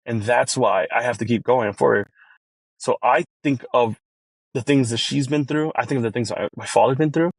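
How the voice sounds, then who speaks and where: A chef talking as a podcast guest, telling an emotional family story earnestly, with many restarts. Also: male voice, moderate pace, vocal fry, slightly rough, no room sound. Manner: earnest, many restarts, rises in pitch when moved.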